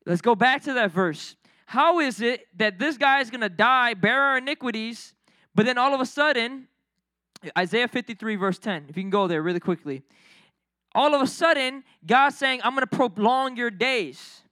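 A young adult man preaching a sermon in an energetic, conversational way, full of slang and quick asides. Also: very high voice, no echo. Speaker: pastor.

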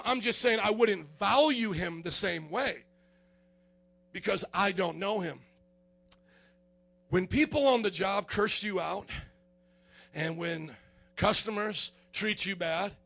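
A man preaching a lively sermon as pastor, acting out scenes with animated voices. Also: vocal fry, breathy edge. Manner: animated preaching, acts out fans in high excited voices.

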